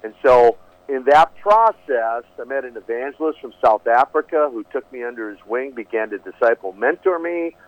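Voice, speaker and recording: A man's voice: mid-range voice, lively intonation, normal speed, no room sound. A man guest telling his story earnestly, often restarting and repeating words, speaking on a phone line. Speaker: guest, preacher. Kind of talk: storytelling testimony.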